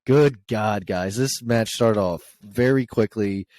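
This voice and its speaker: Young guy on a podcast, lowish voice, rambly chat with lots of ums, dry close mic. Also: slow pace, a little mellow, dry recording. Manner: rambling recap with many fillers and laughs. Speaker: podcast co-host recapping wrestling.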